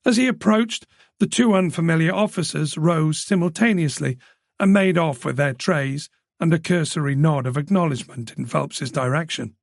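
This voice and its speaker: A man narrating a crime audiobook in a measured, even manner. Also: fairly high pitch, creaky, dry recording, studio quality. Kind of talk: scripted narration.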